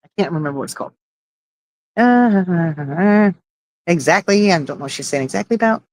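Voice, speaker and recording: A woman's voice: lowish voice, lively intonation, normal speed, a little mellow, no room sound. A woman hosting a casual livestream, chatting and reading out viewer comments, laughing often and swearing casually. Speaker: livestream host.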